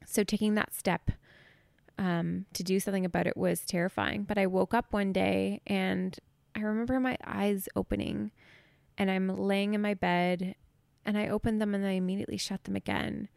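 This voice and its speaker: On a podcast she hosts, a woman in her thirties candidly tells her own story, sounding choked up and close to tears. Her medium-pitched voice is steady, moderately paced and darkish, full of vocal fry and a gravelly edge. The recording is dry and close, with no room sound or echo.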